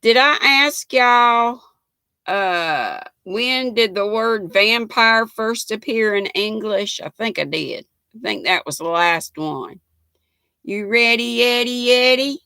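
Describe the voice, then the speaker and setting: An older Southern woman drawls slowly through a chatty live stream, her voice bright and edged with gravelly fry. She greets viewers by name in a homey, folksy way, recorded close and dry. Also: mid-range voice, dry recording. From North Carolina. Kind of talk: casual live-stream chat reading viewer comments.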